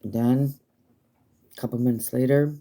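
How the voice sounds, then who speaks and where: A woman's voice: extremely low pitch, fairly even intonation, a little slow, dark tone. A woman chatting casually on a livestream, rambling, swearing freely and using many fillers.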